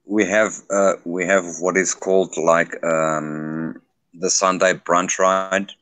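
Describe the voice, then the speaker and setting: A man with a South African accent and a very deep voice speaks slowly in an easy, relaxed voice-chat manner. He drawls through his sentences with no rush at all. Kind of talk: casual voice chat.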